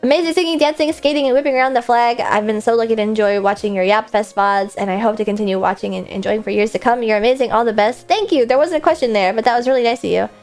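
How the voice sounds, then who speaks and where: A woman's voice: a little high, quick pace, few pauses, soft background music. Tired, chatty young woman streamer. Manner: chatty, self-deprecating, drifts into deadpan. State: late-night tired, coming down from an energy drink. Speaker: VTuber streamer. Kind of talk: casual livestream Q&A, reading fan messages aloud.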